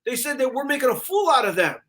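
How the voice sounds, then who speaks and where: High-voiced older man telling stories. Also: fast, slight background noise. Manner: animated storyteller, acting out quotes. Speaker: co-host. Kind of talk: casual sports chat.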